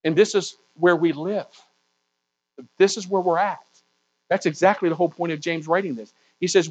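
A man preaching a sermon emphatically, slowing down on key words and building to raised peaks. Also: sits high, highs cut off. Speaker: pastor.

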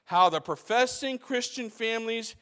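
High-voiced preacher man in a reverberant hall. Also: expressive, normal speed, bright, forceful tone, clean tone. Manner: preaching with rising intensity and repeated phrases. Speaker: pastor. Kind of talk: sermon.

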